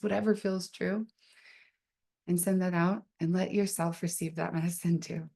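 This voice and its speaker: Woman host for a spiritual circle call, low, gravelly, gentle and slow, affectionate. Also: fairly even intonation. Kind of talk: guided spiritual circle, casual.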